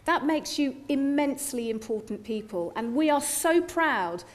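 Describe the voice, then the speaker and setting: A woman's voice: high voice, animated, moderate pace. A middle-aged woman, a university chancellor giving a playful, joking graduation address through a lectern microphone in a large hall. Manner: playful, joking, warm to the audience.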